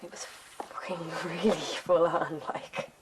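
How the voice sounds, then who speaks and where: A woman's voice: fairly low pitch, measured pace. A young woman on a reality show, chatting casually and animatedly acting out what people said. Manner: animated retelling, acts out quotes. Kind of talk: casual chat. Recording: noisy house recording.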